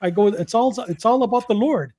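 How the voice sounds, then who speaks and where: Older guy from socal, high voice, telling stories on a podcast, acts out the dialogue, keeps restarting lines. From Southern California, USA. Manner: animated, acts out dialogue in quick back-and-forth; repeats words and restarts phrases. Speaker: podcast guest, former correctional officer. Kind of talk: conversational storytelling.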